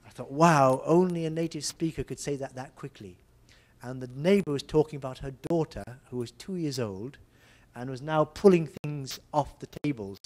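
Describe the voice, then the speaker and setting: An older man lecturing on English pronunciation in a lively way, acting out examples and telling funny anecdotes. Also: a little high, moderate pace. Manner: lively, demonstrative, tells humorous anecdotes. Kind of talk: seminar lecture.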